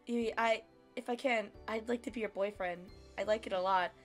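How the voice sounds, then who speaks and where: A woman reading the lines of a shy, sweet young man in a visual novel, speaking softly and haltingly in her own voice. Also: medium pitch, steady tone, soft background music, lightly acted. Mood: tender, shy. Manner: soft, halting, earnest.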